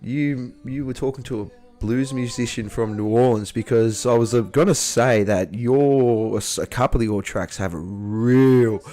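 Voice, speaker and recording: A man's voice: mid-range voice, moderate pace, few pauses, mellow, faint music behind. A man hosting a casual chat, enthusiastic and rambling with many restarts. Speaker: livestream host. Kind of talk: casual interview chat over beers.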